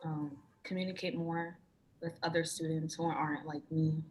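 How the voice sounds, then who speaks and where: Young woman student, emotional, halting with many fillers, lowish voice, video call. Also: fairly even intonation, darkish tone. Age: young adult. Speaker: student club president. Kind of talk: question from the audience.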